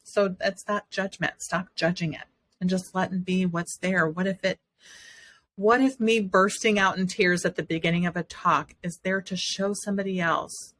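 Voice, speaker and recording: A woman's voice: on the low side, a bit bright. A woman hosting a podcast, talking in an earnest, encouraging way in a motivational monologue. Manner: earnest and encouraging, speaking in affirmations. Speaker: podcast host.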